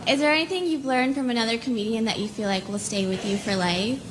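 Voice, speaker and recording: Woman in her 20s in the audience, hesitant with fillers, distant over loud noise. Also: fairly high pitch, fast talker. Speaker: audience member asking a question. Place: comedy club audience.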